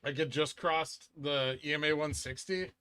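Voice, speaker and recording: A man's voice: a little high, moderate pace, sharp tone, clear, resonant tone, dry recording. A man hosting a casual stock market livestream, answering chat and thinking aloud over charts in an offhand, muttering way.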